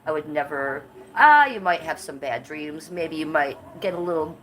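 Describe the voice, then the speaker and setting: A woman's voice: sits low, lively intonation, moderate pace, fairly bright tone, slight background noise. A woman hosting a casual livestream, blunt and profane, her voice stuffed up from a cold, with coughs between her lines. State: congested and coughing. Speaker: livestream host.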